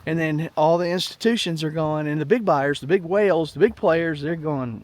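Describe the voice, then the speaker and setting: A man's voice: on the high side, animated, brisk, hardly any pauses. A middle-aged man giving casual, rambling money commentary in a vlog, emphatic and folksy, often repeating himself. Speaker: finance vlogger.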